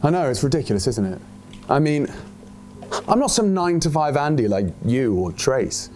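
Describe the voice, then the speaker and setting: A man's voice: on the high side, big pitch swings, moderate pace, a little mellow, a little hiss or hum. A man speaking in a flustered, self-important way in a comedy sketch.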